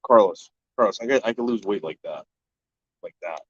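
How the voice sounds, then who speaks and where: A live-stream host with a lowish, slightly rough voice answers his chat casually at a normal speed, bluntly swearing without a second thought and often restarting sentences. The recording is dull and lo-fi, made in a dry, dead room with no room sound.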